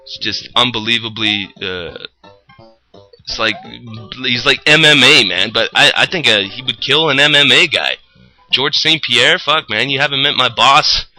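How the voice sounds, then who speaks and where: A man's voice: mid-range voice, measured pace, faint music behind, rough recording. A young man telling a rambling, profane story about his job as a roofer, in casual chat. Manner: rambling, profane, animated retelling.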